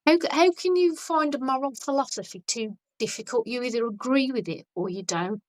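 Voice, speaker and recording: A woman guest on a podcast, chatting casually and telling stories in a blunt, animated way with frequent restarts. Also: fairly high pitch, fairly quick, no room sound, low-quality recording. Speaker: podcast guest, vegan activist.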